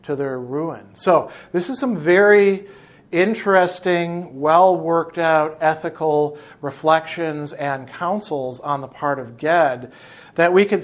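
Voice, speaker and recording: A man with a fairly high voice gives a philosophy lecture on a novel. He talks in a thoughtful, explanatory way, working through ideas as he goes. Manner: reflective, explanatory. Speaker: philosophy teacher.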